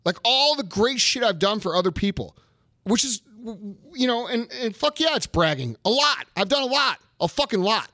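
Man, 30s, high pitch, swearing, worked-up casual rant. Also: very animated, normal speed, pushed and bright, dry recording, studio quality. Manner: profane, heated ranting. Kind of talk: casual chat.

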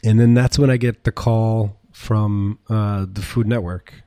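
Chatty chef telling stories, dry sound. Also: male voice, on the low side, unhurried, no room sound. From United States. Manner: rambling, animated, swears, many fillers. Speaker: chef and restaurant owner, guest. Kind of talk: casual storytelling interview.

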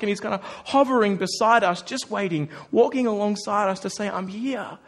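A man preaching a sermon, animated and conversational, often acting out the voices of the people he quotes. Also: sits high, moderate pace, few pauses.

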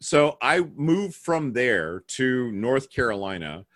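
A man from England and Spain telling a story in casual talk, acting out the voices lively. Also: mid-range voice, slow pace, dry recording, studio quality. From England and Spain, raised partly in the UK. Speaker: panel guest.

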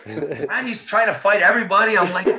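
A man spins stories in casual chat, his voice bright and lively as it leaps around. He swears freely and laughs as he goes. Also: sits high. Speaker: former hockey player telling stories.

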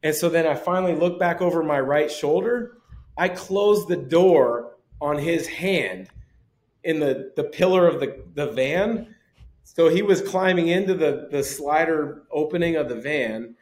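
A man in his forties, a former pro basketball player, telling lively anecdotes as a podcast guest and chuckling often. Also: fairly high pitch, measured pace. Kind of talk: casual storytelling.

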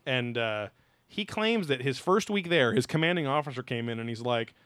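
A man in casual podcast chat, profane and animated, mocking what he talks about. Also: medium pitch, moderate pace, clear, resonant tone, no echo, studio quality. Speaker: podcast co-host.

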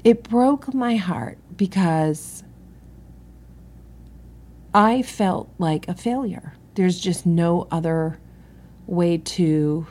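Brief: middle-aged woman, lowish voice, candid and digressive, telling a story solo. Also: extremely slow, long pauses, warm tone. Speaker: interior designer and business owner. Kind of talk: solo podcast monologue.

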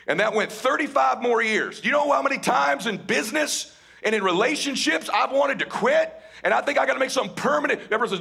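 A man giving a live motivational talk with a raspy voice, swinging from shouting to hushed, impassioned delivery. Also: very high voice, expressive, fast talker. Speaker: motivational speaker.

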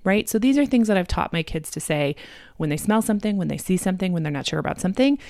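Thirties woman, podcast host, lowish voice, chatty and laughing, dry booth sound. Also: animated, fast talker, creaky, darkish tone, no echo. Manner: chatty, laughs often, lots of "like" and "right?". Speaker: podcast host, parenting coach. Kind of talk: casual solo podcast chat.

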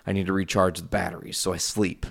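Brief: male podcaster at home, casual and profane, tangent-prone, with a gravelly low voice. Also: level tone, fast talker. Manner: rambling and profane, wanders off on tangents. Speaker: podcast host. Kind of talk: casual solo podcast storytelling. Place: his house.

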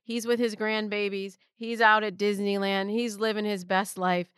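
A woman's voice: medium pitch, little pitch movement, normal speed, fairly bright tone, clean tone, dry recording, studio quality. A woman hosting an advice show, answering a listener's letter in a frank, conversational way. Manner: frank, conversational, gives pointers directly. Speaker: dating advice host.

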